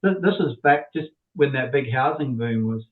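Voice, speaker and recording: A man's voice: mid-range voice, animated, normal speed, roomy sound. A middle-aged man telling a rambling personal story as an interview guest, repeating words as he goes. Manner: rambling, repeats words, acts out quoted people. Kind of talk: casual anecdotal storytelling. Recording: tinny phone-like line.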